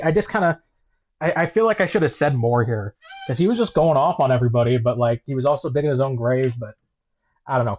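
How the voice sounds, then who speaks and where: A man's voice: fairly high pitch, a little mellow, lo-fi sound. A man hosting a livestream panel, talking casually and hesitantly with many restarts and second thoughts. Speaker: panel host.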